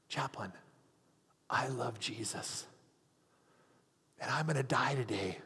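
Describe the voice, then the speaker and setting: A man's voice: mid-range voice, slow pace, long pauses, a bit bright, breathy edge. Earnest man preaching in a reverberant hall. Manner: earnest storyteller acting out quoted voices. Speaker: hospital chaplain. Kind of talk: sermon storytelling.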